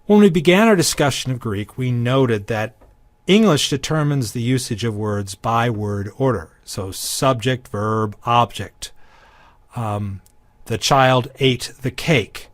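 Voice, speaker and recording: A man of middle pitch delivers a recorded grammar lesson, pausing often with ums and restarting phrases. He slips in dry humor. The sound is close and dry, with no room echo. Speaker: Greek teacher. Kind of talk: recorded lecture.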